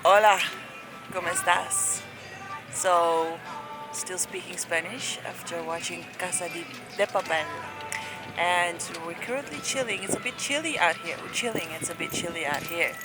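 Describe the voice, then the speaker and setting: A woman's voice: on the low side, normal speed, low-quality recording. Chatty Dutch-accented woman vlogging outdoors. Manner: chatty, giggly, many fillers. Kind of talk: casual travel vlog chat. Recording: music playing over the voice.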